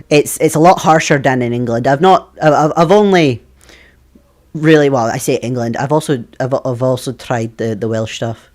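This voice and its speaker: A streamer chatting casually with viewers from a computer desk at home, laughing often between remarks. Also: mid-range voice. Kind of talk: casual live-stream chat.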